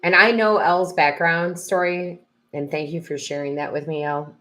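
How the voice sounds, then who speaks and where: A woman's voice: fairly low pitch, steady tone, normal speed, a bit bright. A woman tarot reader and medium reading cards on a live stream from her home, effusive and emotional, talking into her computer's built-in mic. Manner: emotional, effusive, tearful exclamations. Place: home room. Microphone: built-in computer camera mic.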